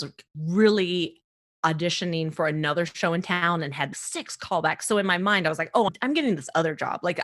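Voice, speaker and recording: Her voice sits on the low side as this East Coast comedian spins a story during a relaxed podcast interview. Lively and quick to laugh, she performs the voices of whoever she's quoting.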